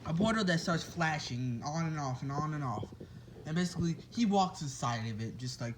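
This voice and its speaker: Man telling a made-up story off the cuff, rambling and chatty, slightly high-pitched. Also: expressive, brisk, a little hiss or hum, rough recording. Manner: rambling, with restarts and asides to listeners. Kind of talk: casual improvised fan-fiction storytelling.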